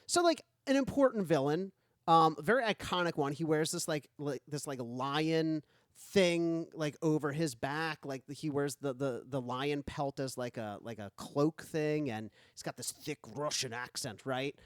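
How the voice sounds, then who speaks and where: A man's voice: on the high side, unhurried, dry recording. A man co-hosting a comedy podcast, chatting casually and rambling with lots of fillers into a close studio mic. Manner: animated, rambling with many fillers. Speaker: podcast co-host.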